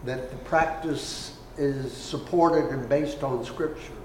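A man's voice: medium pitch, fairly even intonation, takes it slowly, a little hiss or hum. Tentative man answering in a roomy class. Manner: tentative, offering an answer as a question. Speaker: student in a Bible class. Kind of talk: class discussion.

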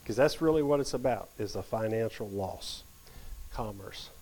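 A man leading a Bible study, reading scripture aloud and teaching with animated emphasis that drops at times to a near whisper. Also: fairly low pitch, normal speed, slight background noise, poor audio.

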